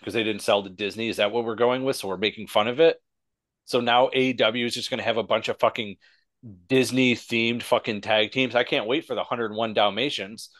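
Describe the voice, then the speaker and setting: A man rants on a casual podcast, sarcastic and heavy with profanity. His voice sits at a middle pitch. The sound is dry and close, with no room around it. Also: fairly even intonation, fairly quick, a bit bright, dry recording. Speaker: podcast co-host. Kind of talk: casual wrestling podcast chat.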